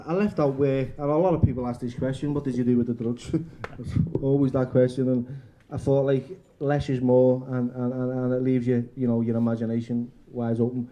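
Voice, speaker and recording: Frank Englishman with a dark, mellow voice. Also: mid-range voice, level tone, moderate pace, hardly any pauses, dull audio, slight background noise. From England. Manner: frank, self-mocking, chatty with many fillers. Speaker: author at a book event. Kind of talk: candid storytelling and reading aloud. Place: bookshop event room.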